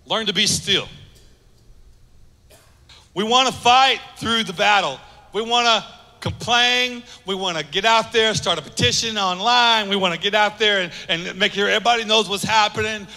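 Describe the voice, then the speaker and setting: Man preaching a sermon, earnest, repeats himself for emphasis, higher voice, big echoey church. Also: normal speed. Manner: earnest, repeats phrases for emphasis, drops soft for key lines. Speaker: pastor.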